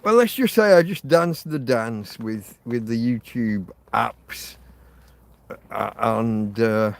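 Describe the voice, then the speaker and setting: A man hosting a rambling live stream from his phone, sweary and self-deprecating as he rants. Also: on the high side. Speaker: livestream host. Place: in or by a tent outdoors.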